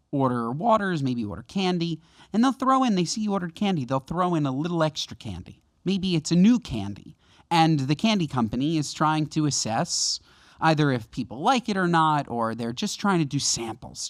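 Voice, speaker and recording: A man's voice: a little high, no room sound, clean studio sound. A man co-hosting a casual comedy podcast, ranting in mock outrage about small gripes. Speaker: podcast co-host.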